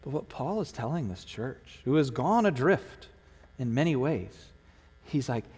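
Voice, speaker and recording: A man's voice: medium pitch, expressive, unhurried, darkish tone, husky. Male pastor preaching, earnest and heartfelt, pushes up into fervent bits, long church reverb all around. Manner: earnest, emotional, rising to fervent emphasis. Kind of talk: sermon. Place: church sanctuary.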